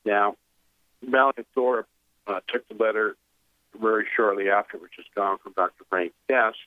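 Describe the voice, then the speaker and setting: A man's voice: fairly low pitch, normal speed, no echo. A man telling a long, meandering story over the phone on a radio show, full of "uh"s and restarts. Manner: meandering, filler-heavy storytelling with animated retelling. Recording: tinny phone line.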